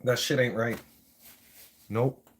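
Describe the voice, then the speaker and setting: Heavy background noise surrounds a Canadian livestream host as he rants bluntly and swears freely. He talks slowly in a steady, mid-range voice, keeping it casual and profane.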